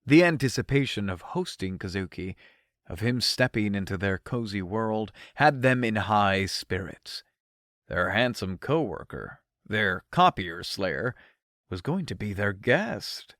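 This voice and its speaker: A man narrating an audiobook in an expressive first-person storytelling manner, recorded on a close studio mic. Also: on the low side, a little slow, no room sound.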